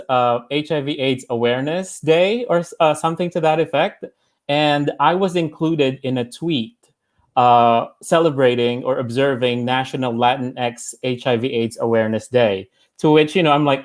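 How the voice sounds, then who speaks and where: A man's voice: fairly high pitch, a little slow. A Filipino American man in a casual livestream discussion, talking thoughtfully with many fillers and restarts. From United States. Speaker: panelist.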